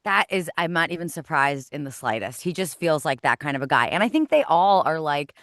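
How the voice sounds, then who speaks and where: A woman in her thirties talks as a podcast guest, spinning animated anecdotes full of "like"s and quick asides. Her voice sits a bit low for a woman. The sound is dry and close, with no room around it. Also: no room sound. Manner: chatty, animated storytelling with many "like"s. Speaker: podcast guest, former kids' TV host. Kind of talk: casual interview chat.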